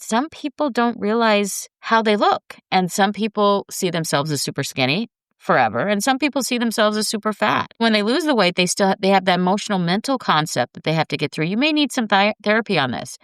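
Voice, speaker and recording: Smooth-voiced woman host giving health advice. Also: mid-range voice, lively intonation, a little fast, few pauses, a bit bright, no room sound, clean studio sound. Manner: earnest, coaching, addresses listeners as guys. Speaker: podcast host. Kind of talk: casual health talk to viewers.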